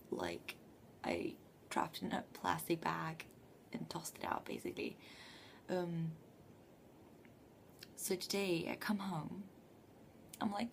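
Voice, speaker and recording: A young woman telling a story late at night from her bedroom, speaking in a hushed half-whisper and swearing freely. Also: on the low side, creaky, slight background noise. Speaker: vlogger living abroad.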